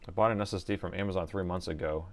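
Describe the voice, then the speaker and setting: A middle-aged man runs a live stream from an indoor repair bench, chatting casually, thinking aloud, and muttering to himself while he works. His voice is low and steady, and he talks very fast.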